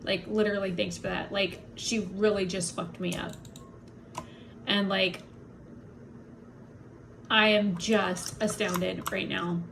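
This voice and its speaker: A woman vents on her vlog in a blunt, indignant rant, her mid-pitched voice laced with heavy swearing. She sounds upset and worn down by migraine pain, with a faint hum of room noise behind her. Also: flat delivery, slow pace, creaky, pauses often. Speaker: vlogger. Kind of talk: angry personal rant to camera.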